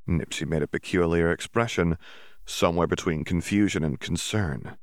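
A man reading a serialized story as audiobook narrator in a steady, measured way. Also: low voice, dry recording, clean studio sound. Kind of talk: scripted narration.

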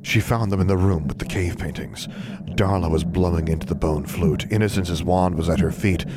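A man narrating a story in a steady, even reading voice. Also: deep voice, moderate pace, very noisy. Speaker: audiobook narrator. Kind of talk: scripted narration.

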